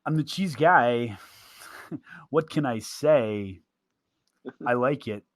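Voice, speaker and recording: A man's voice: mid-range voice, slow, no room sound, clean studio sound. A man co-hosting a casual podcast, telling a story and laughing often as he talks, into a headset mic. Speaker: podcast co-host. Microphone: headset mic with big headphones.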